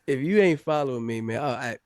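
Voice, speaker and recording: Lively, joking man guest. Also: medium pitch, fast, clean tone, no room sound. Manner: animated, jokey storytelling. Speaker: guest, former pro football player. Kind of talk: casual podcast chat.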